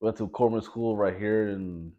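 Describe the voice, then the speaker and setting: A man's voice: fairly low pitch, steady tone, normal speed, mellow, lo-fi sound. A man hosting a casual interview, asking questions and chiming in with short, affirming remarks. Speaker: podcast host.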